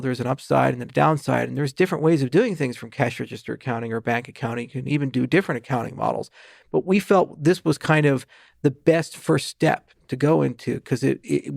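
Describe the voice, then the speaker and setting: A man as a podcast guest, explaining technical ideas fast with asides and restarts. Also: medium pitch, vocal fry, dry recording, clean studio sound. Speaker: guest, blockchain founder. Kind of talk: podcast interview.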